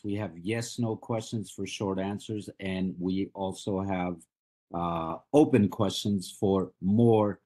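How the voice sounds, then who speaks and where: A man from Colombia, a native Spanish speaker with a Colombian accent, teaching an English class in a deliberate way and repeating his example questions. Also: on the low side, a little mellow, slightly rough. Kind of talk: online class lecture.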